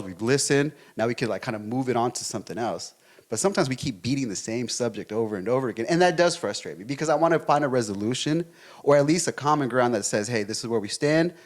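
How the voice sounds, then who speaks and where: A man co-hosting a relationship podcast, debating his partner in a fast, emphatic way and swearing freely. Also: medium pitch, expressive. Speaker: podcast co-host.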